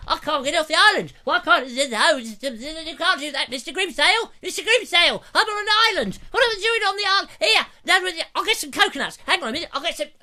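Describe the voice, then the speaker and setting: A man doing an impression of a frantic stranded comic man, high and squeaky with panicky exclamations. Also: expressive, quick pace, few pauses, sharp tone, full character voice.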